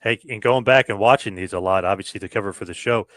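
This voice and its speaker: A man hosting a casual podcast interview, asking questions in a relaxed conversational way. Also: lowish voice, quick pace, no room sound. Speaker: podcast host.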